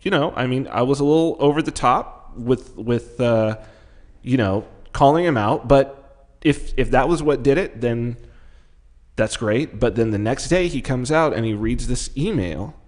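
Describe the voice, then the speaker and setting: Excitable, swearing podcast man. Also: medium pitch, measured pace. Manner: excitable, swearing, many restarts. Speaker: podcast co-host. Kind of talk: casual chat.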